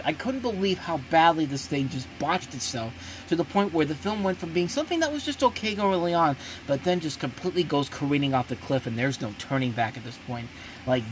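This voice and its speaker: A man hosting a movie review show, talking in a blunt, emphatic way with many restarts and sudden jumps in pitch. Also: a little hiss or hum. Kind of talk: casual ranting review.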